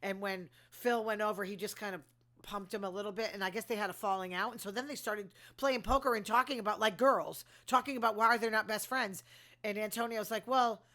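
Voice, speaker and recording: A woman's voice: mid-range voice, a little fast, bright, forceful tone. A woman hosting her own show, giving a casual, opinionated recap of reality TV full of asides and fillers. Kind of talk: casual gossipy commentary.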